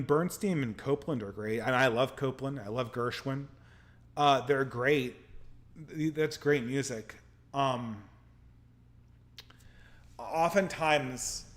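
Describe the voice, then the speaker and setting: A man hosting a live podcast, answering viewer messages in loose, rambling talk full of restarts; he is tired and losing his voice. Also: medium pitch. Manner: rambling, frequent restarts and stammers. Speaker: podcast host reading super chats. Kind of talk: casual live-stream commentary.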